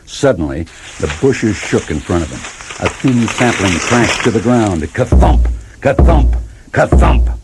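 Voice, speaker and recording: A man's voice: on the low side, very animated, unhurried, very noisy. A man reading a children's chapter book aloud, expressively, with dramatic sound words. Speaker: storybook reader. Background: background music.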